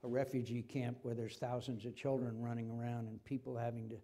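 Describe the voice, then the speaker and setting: A man's voice: medium pitch, flat delivery, a little fast, mellow. An older man, a senator, speaking with passion in a forum conversation and repeating himself when stirred. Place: university forum hall.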